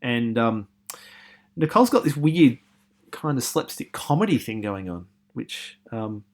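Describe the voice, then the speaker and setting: A man's voice: medium pitch, very animated, measured pace. Questioning man lecturing on film. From Australia. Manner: rhetorical questions, frequent ums and restarts. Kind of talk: recorded lecture to students.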